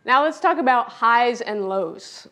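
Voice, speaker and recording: Woman, music teacher, children's lesson, playful, clear, pre-recorded video. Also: on the high side, expressive, unhurried, pushed and bright. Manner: playful, demonstrating with her voice.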